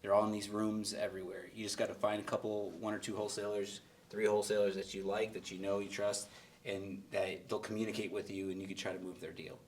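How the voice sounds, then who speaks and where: A man running an investor meetup talks fast and bluntly, repeating himself as he coaches a newcomer. His voice sits on the low side and comes from away from the microphone. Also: level tone, far from the mic, slight background noise. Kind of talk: live coaching Q&A in a meeting room.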